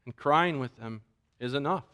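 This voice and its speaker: A man pastor preaching a sermon, animated and acting out the voices he quotes. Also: medium pitch, moderate pace.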